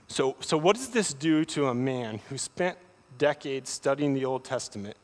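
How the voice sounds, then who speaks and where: A man preaching a sermon, often repeating words as he starts a thought, with animated delivery. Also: medium pitch, a little slow. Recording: long hall reverb.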